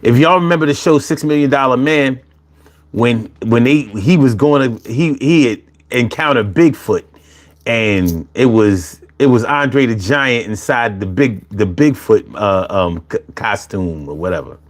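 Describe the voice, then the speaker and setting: A man hosting a casual live chat, animated and profane, laughing often as he talks. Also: medium pitch, measured pace. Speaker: livestream host reading chat.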